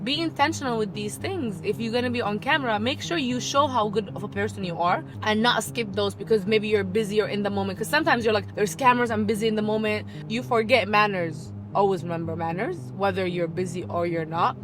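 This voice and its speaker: A young woman giving casual business advice in a vlog, expressive and animated, talking from inside a car. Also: mid-range voice, a little fast, few pauses, over music, poor audio. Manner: animated, expressive, shifts into playful voices. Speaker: business coach and content creator.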